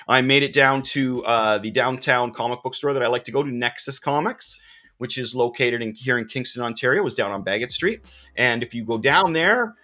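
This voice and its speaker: Lively, excitable man hosting. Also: mid-range voice. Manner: excitable and jokey, with loud bursts. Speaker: podcast host and comic shop owner. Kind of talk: casual live-stream chat. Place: comic shop.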